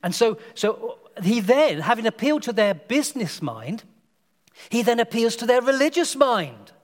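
A man preaching a sermon, telling stories and acting out the quotes with lively energy. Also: very high-pitched, moderate pace, long reverb tail. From Britain. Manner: animated storytelling, acts out quotes.

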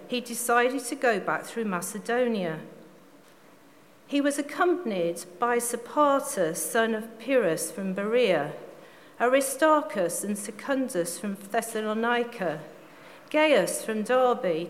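A woman reading scripture aloud in a steady, measured way, now and then stumbling and restarting a word. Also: a little high. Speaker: scripture reader. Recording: long reverb, faint background noise.

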